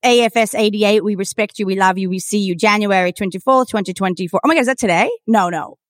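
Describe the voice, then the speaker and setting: A woman's voice: mid-range voice, fast, no room sound, studio quality. A woman co-hosting a podcast in casual chat, rambling, restarting her sentences and giggling. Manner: rambling, giggly, self-interrupting. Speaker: podcast co-host.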